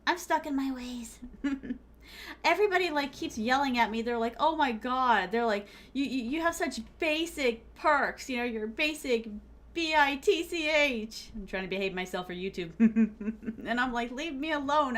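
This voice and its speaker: Chatty, playful woman streamer, a bit high. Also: moderate pace, fairly bright tone. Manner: chatty, playful, talks to chat as "my starlings"; drops in Japanese phrases. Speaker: VTuber streamer. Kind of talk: casual gaming stream chat.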